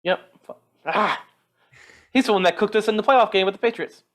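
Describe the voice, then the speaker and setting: Fast-talking joking podcast guy. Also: sits high, fairly bright tone. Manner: joking, teasing banter. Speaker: podcast co-host. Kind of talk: casual sports chat.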